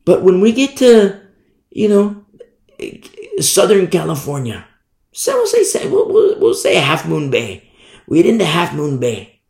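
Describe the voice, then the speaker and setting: A man delivers a sermon in a gravelly, animated voice that jumps up and down in pitch as he acts out warnings. The sound is roomy and echoey. He sits a little above the usual male pitch. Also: a little slow. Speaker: preacher. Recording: echoey room.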